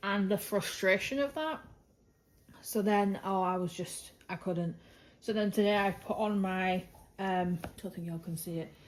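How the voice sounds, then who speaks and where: A woman's voice: medium pitch, a little slow. A woman talking casually at home in a craft vlog, rambling along with lots of "like" and "um". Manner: chatty and rambling, many "like" and "um" fillers. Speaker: craft vlogger. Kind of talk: casual monthly roundup vlog. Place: at home indoors.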